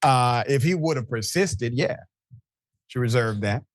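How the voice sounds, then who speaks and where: A man's voice: mid-range voice, lively intonation, unhurried, dry recording, studio quality. A man hosting a live show, reading viewer comments and giving pointed, conversational commentary. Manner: pointed, conversational, addresses people directly.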